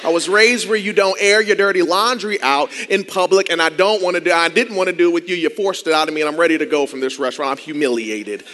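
A man from Ohio telling a personal story in a sermon, acting out quoted dialogue in lively voices. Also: quick pace, hardly any pauses, long reverb tail. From Akron, Ohio. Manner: animated, acts out quoted dialogue with big pitch swings. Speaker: church groups director.

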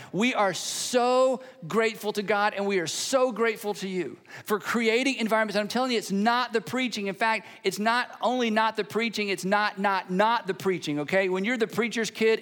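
A man's voice: high-pitched, normal speed, hardly any pauses, a bit bright. A middle-aged man preaching a sermon as a pastor, telling stories in a conversational way and repeating phrases for emphasis. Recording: long hall reverb.

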